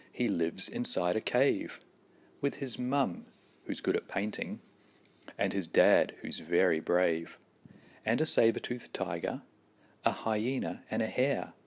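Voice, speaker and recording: A man reading a children's picture book aloud in a slow, deliberate, expressive storytelling manner. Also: low-pitched. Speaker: storybook reader.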